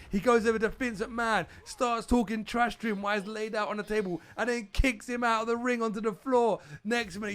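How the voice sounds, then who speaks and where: A man's voice: sits high, a bit bright. A man hosting a gaming channel, giving a hyped wrestling recap vlog, stumbling over and repeating his words. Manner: calls viewers dudes.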